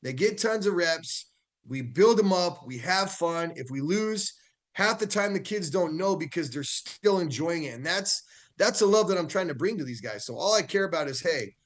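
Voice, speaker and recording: Animated football coach, slightly high voice. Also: male voice, normal speed. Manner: animated storytelling, laughs often. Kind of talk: casual chat.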